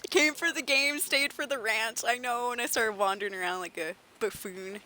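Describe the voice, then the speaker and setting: Bright young woman streamer, animated. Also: a little high, normal speed, slight background noise. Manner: animated storytelling, acts out the people she quotes. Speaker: game streamer. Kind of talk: casual livestream chat.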